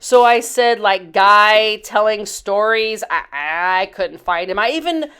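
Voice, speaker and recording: A woman's voice: medium pitch, animated, slow, pushed and bright, clean tone. A woman in her fifties hosting a DIY channel, telling stories in a rambling, chatty voice-over full of asides. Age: 50s. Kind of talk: casual storytelling voice-over.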